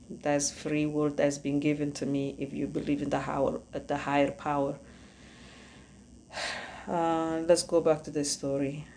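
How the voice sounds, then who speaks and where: A woman from Ethiopia with an Ethiopian accent speaks in a low, steady voice with a gravelly fry. She gives earnest personal testimony as a podcast host, halting and searching for words. Faint noise sits behind her.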